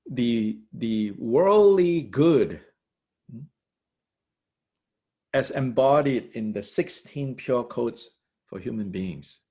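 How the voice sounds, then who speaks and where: A man lectures on a religious text as a Buddhist teacher, speaking in a thoughtful, halting way. His voice has a gravelly edge and moves up and down widely in pitch. He fills his pauses with soft fillers and laughs lightly now and then. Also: expressive. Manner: laughs lightly while explaining.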